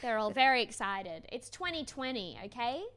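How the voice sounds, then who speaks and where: A woman recaps a reality show with her co-host in easy, joking chat. Her voice sits a little high and sounds bright and forward. She laughs often and talks bluntly. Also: animated, normal speed. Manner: giggly, blunt and jokey. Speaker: podcast co-host.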